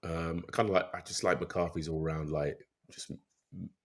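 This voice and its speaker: A young man with a very deep, low voice talking rugby on a podcast. His manner is laid-back and easygoing, and he hedges his points with plenty of filler words. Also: little pitch movement, a little slow. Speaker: rugby player and podcast regular. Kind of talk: casual rugby podcast chat.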